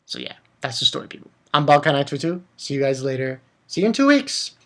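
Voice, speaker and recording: A man hosting a casual manga review vlog. He laughs often and swings between loud outbursts and mumbled asides. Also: on the high side, sing-song, fast. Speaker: manga reviewer, channel host.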